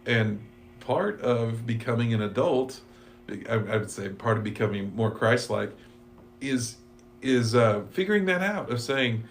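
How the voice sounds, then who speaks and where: A man's voice: medium pitch, animated, measured pace, slight background noise. A man teaching a church Bible class, talking conversationally and reading scripture and quotes aloud. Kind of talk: casual Bible study discussion.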